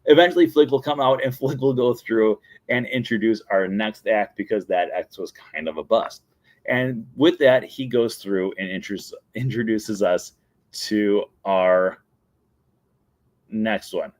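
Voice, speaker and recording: Guy hosting a daily talk show, lowish voice, chatty and excited, retelling a show scene by scene. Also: measured pace. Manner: chatty, enthusiastic, retells scenes with quoted lines. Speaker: show host. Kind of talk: casual solo talk.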